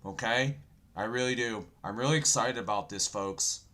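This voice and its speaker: A man of middling pitch who talks with a sore throat. He gives loud, excited, off-the-cuff end-times commentary, now and then yelling, and keeps calling his listeners "folks". His energy rises and drops as he stops to look something up. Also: moderate pace. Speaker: host of an end-times prophecy channel. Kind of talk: excited end-times commentary while browsing news articles.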